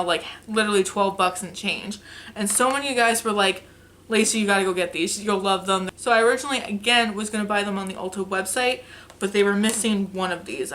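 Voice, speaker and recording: A woman's voice: medium pitch, fairly bright tone, a little hiss or hum. A young woman vlogger chatting casually and enthusiastically about makeup she bought, with lots of fillers. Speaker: beauty vlogger. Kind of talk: casual makeup haul chat.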